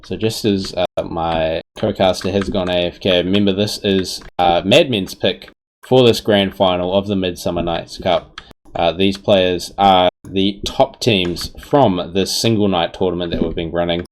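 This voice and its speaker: A man's voice: low-pitched, unhurried, a little hiss or hum. A man casting a live esports match in an easygoing way, correcting himself as he goes, on a headset mic. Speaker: esports caster.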